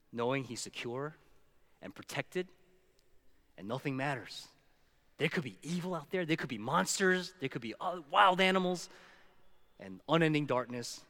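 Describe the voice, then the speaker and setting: A man's voice: medium pitch, a bit bright. A male pastor giving a sermon, stressing words one by one and slipping into storytelling. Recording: long hall reverb.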